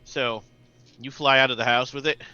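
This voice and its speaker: A man's voice: medium pitch, fairly even intonation, moderate pace, bright, forceful tone, clean tone, highs cut off. A man narrating as game master of a tabletop role-playing game, telling the scene vividly and laughing along.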